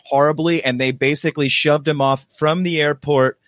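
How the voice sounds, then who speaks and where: A man co-hosting a podcast, chatting casually and telling stories in a rambling, animated way with plenty of restarts. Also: fairly high pitch, moderate pace, no echo, clean studio sound. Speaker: podcast co-host. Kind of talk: casual chat.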